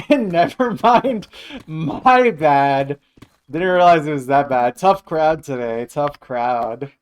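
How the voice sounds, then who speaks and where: A man's voice: fairly high pitch, expressive, takes it slowly, clean tone. Chatty young man streaming live. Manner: rambling, jokey, reacting to chat. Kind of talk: casual live-stream chat.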